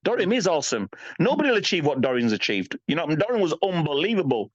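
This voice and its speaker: A man's voice: a little high, big pitch swings, very fast, no room sound. A man in his fifties, a guest on a podcast, talking candidly in a blunt, emphatic way and often asking "you know what I mean". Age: 50s. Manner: blunt, emphatic, swears freely. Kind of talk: candid interview talk. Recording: slightly dull lo-fi sound.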